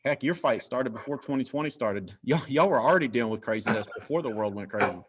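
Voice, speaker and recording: A man hosting a team video call, energetic and repeating his points. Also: medium pitch, quick pace, breathy edge. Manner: energetic, repetitive, hyped. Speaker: host.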